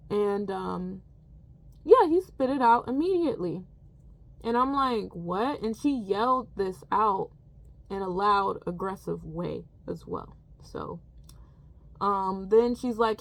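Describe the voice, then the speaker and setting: A woman's voice: medium pitch, gravelly. A woman who works as a teaching assistant, retelling a school incident in a casual storytime vlog and acting out what others said.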